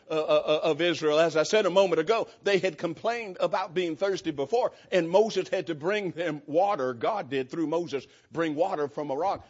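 Man preaching in a dull, lo-fi recording. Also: high-pitched. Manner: earnest, emphatic, reads scripture aloud with small restarts. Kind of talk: sermon with scripture reading.

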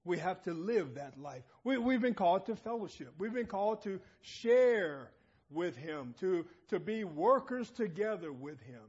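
A man's voice: high voice, big pitch swings, a little slow, darkish tone, breathy edge, highs cut off. A man preaching a sermon, emphatic and calling out questions to the congregation in a church assembly.

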